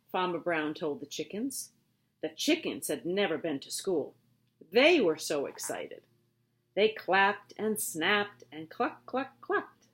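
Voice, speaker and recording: A woman teacher reading a picture book aloud to her students, with expressive, drawn-out storytelling. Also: on the low side.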